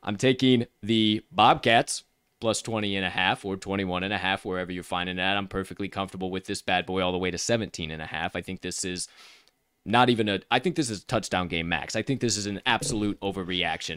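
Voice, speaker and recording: A man hosting a casual sports betting show, hyping his picks, swearing freely, and swinging loud and soft. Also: clear, resonant tone, no echo, clean studio sound. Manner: hype-filled, swearing, big swings in pitch and volume.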